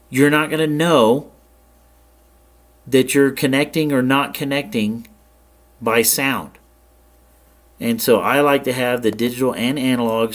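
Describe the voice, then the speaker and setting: Man, mid pitch, relaxed tutorial host, plain explaining, casual screen-share lesson. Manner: plain, relaxed explaining with check-ins to the viewer. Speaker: ham radio tutorial host.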